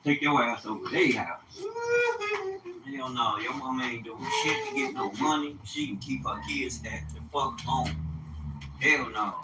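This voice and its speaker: A man preaching and ranting informally, animated and profane, with sudden bursts of shouting. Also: medium pitch, measured pace, roomy sound. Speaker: religious teacher. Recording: noisy ambient background.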